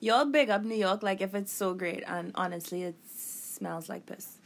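A woman's voice: medium pitch, moderate pace, creaky. A woman in a casual podcast chat who talks in a candid, blunt way.

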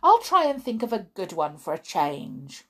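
A woman reading aloud and voicing a naughty female doll thinking quietly to herself. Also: mid-range voice, huge pitch swings, moderate pace, breathy edge, exaggerated voice. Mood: wistful.

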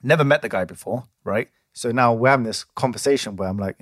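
A man's voice: mid-range voice, fast talker, no echo, clean studio sound. A man in his twenties, chatting casually as a podcast co-host and telling a long story full of restarts and fillers. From England. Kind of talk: casual chat.

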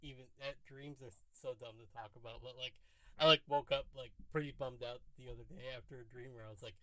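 Bright-toned, laid-back male co-host. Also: mid-range voice, fairly even intonation, quick pace, dry recording, rough recording. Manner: laid-back, heavy on 'like'. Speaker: podcast co-host. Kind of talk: casual TV recap chat.

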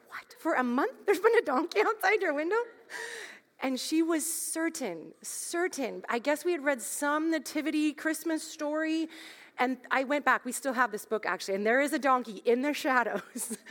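A woman's voice: sits high, a bit bright. A woman in her thirties telling a candid, self-deprecating parenting story as part of a sermon, laughing at herself as she goes. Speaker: speaker at a church gathering. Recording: long hall reverb.

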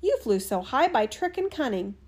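A woman's voice: a little high, big pitch swings, normal speed, a little mellow, husky. A woman voicing a flock of birds speaking together, indignant and accusing. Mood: angry.

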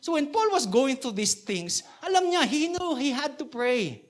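Woman pastor with a Filipino accent, slightly high voice, conversational sermon full of questions to the congregation. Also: sing-song, normal speed.

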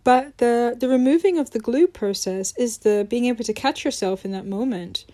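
A woman's voice: fairly high pitch, normal speed, warm tone. A young adult woman hosting a podcast, talking earnestly and conversationally about letting go, laughing easily now and then. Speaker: podcast host. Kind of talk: reflective self-help talk.

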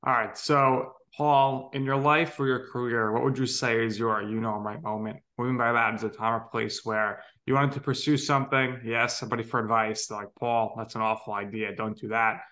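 Male podcast co-host, relaxed questions. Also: mid-range voice, a little fast, hardly any pauses. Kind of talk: casual interview chat.

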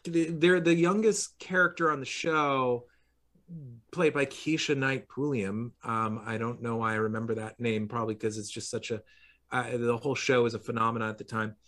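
A man's voice: mid-range voice, fairly even intonation, moderate pace, fairly bright tone. A middle-aged man from Long Island, hosting a casual conversation and rambling through anecdotes with lots of fillers and restarts. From New York, Long Island. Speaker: podcast host.

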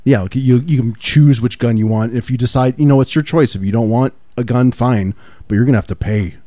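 Podcast co-host, man, lowish mellow voice, halting "like"-filled delivery, dry sound. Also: no room sound. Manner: halting, many "like" fillers, playing along. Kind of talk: casual comedic chat.

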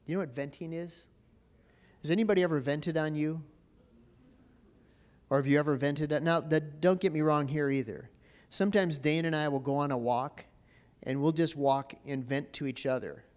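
A man's voice: a little high, normal speed, darkish tone. Man preaching in a conversational way. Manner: conversational preaching, asks the congregation questions, repeats words. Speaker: pastor. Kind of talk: sermon.

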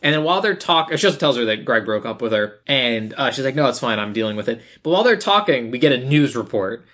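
Low-pitched woman recapping with a lively lilt. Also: fast talker. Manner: recaps plot, laughs often. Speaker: podcast co-host. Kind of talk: casual chat.

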